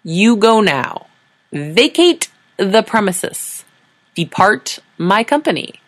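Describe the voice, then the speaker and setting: A woman's voice: deep voice, animated, moderate pace, fairly bright tone, dry recording. A woman voicing a weary, exasperated diplomat who speaks in a dry, sardonic way.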